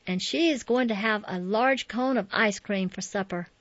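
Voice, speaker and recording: A woman's voice: mid-range voice, moderate pace, dry recording, lightly acted. A woman voicing a cheerful, loving father with a hearty, upbeat manner in a storybook reading. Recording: dull, dry lo-fi audio.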